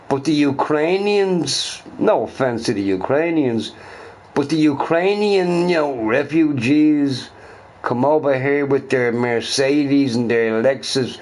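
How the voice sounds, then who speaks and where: A man's voice: medium pitch, rough recording. A drunk Irish man with a Dublin accent ranting in a heated, profane monologue and repeating himself. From Ireland.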